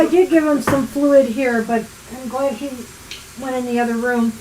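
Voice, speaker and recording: A woman co-hosting a live tarot stream, chatting casually and giving rambling, gently encouraging card readings. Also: a little high, normal speed, background noise. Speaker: co-host and tarot reader.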